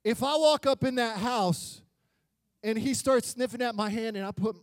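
Male preacher, high voice, dry close sound, lively and joking sermon delivery. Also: moderate pace, no room sound. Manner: animated and joking, swinging between loud and quiet. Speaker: pastor.

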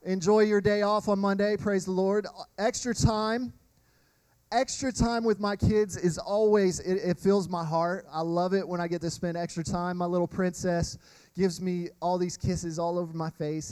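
A man preaches a sermon in a high, bright voice. He tells lively personal stories and talks straight to the congregation. The sound is dry and close, with no room echo. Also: moderate pace, smooth. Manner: animated storytelling, addresses crowd as y'all. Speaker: pastor.

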